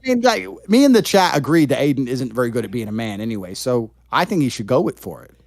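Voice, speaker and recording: A man guesting on a stream, teasing the host in a dry, deadpan way. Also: mid-range voice, fast, vocal fry, dry recording. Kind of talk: casual stream chat.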